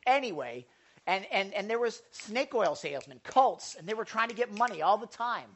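A man's voice: high-pitched, sing-song, normal speed, a bit bright. Joking, chatty male pastor preaching. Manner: chatty, joking asides to the congregation; frequent stammered restarts. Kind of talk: conversational sermon.

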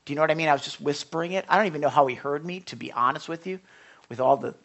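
Animated middle-aged man preaching, slightly high. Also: rapid-fire, lo-fi sound. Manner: animated storyteller, drops to hushed whispers for inner thoughts. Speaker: pastor. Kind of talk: sermon with personal story.

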